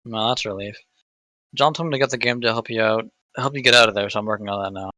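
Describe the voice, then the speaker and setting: A man playing a quick, crude, laid-back teen boy. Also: lowish voice, bright, forceful tone, no echo. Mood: offhand. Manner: offhand and swears casually. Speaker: reader in a group readthrough. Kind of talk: live unscripted fan script reading.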